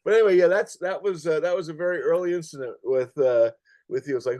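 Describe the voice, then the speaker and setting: A man guest in an interview, telling stories in an animated way and swearing freely. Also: a little high, fast talker, no echo. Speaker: guest, activist writer. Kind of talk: casual storytelling in interview.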